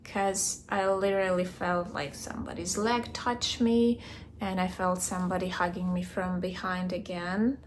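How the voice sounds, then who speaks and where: A young woman keeping a video diary, recounting a dream in a hesitant way, searching for words and filling pauses with "like". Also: fairly low pitch, little pitch movement, a little hiss or hum. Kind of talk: casual personal storytelling.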